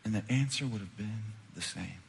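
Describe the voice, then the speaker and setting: A man, a pastor, preaching a sermon and telling stories with humor, his delivery swinging between loud and soft. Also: fairly low pitch, moderate pace, creaky, a little hiss or hum. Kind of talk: sermon with personal storytelling. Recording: long hall reverb from a large room.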